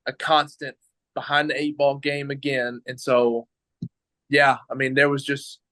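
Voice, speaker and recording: A young adult man, a pro baseball pitcher, tells his story in a casual interview, rambling and quoting his own thoughts with lots of "like". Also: level tone, measured pace, a bit bright, no echo, poor audio. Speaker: professional baseball pitcher, guest.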